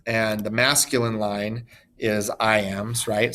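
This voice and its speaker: A man's voice: fairly low pitch, little pitch movement, slow, fairly bright tone. A man teaching a recorded lesson in a casual, chatty way, with asides and fillers. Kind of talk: recorded screen-share lesson.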